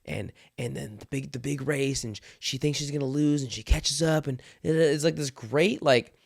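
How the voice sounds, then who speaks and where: Casting: man in his thirties, casual podcast co-host, animated storyteller who laughs a lot. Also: mid-range voice, normal speed, vocal fry. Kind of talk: casual chat.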